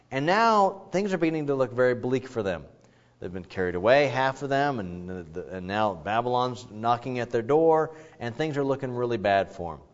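A man preaching a sermon, reading scripture dramatically and acting out the quotes in an animated, theatrical way. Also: mid-range voice. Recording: dull lo-fi recording.

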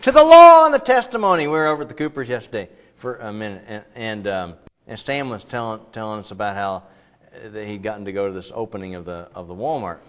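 A man's voice: on the low side, fast talker. A middle-aged man preaching a sermon as pastor, conversational and digressive, with frequent fillers. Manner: conversational, digressive, breaks into loud acted quotes.

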